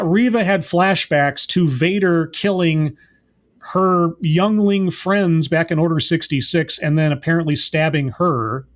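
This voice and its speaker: A man giving a sarcastic, exasperated episode recap as a show reviewer, rambling and mocking. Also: a little high.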